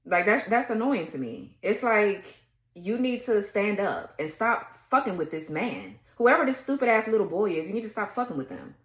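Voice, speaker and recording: A woman's voice: medium pitch, very animated, normal speed, reverberant, poor audio. A woman giving a tarot reading in a blunt, heated rant, cursing freely and laughing between her words. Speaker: tarot reader. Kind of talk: casual ranting tarot reading.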